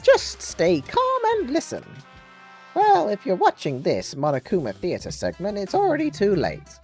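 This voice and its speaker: High squeaky voice, gleeful sadistic bear mascot, game dialogue, swooping singsong delivery. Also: male voice, wildly swooping pitch, normal speed, darkish tone, faint music behind, exaggerated voice. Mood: gleeful menace. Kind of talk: reading game dialogue aloud on stream.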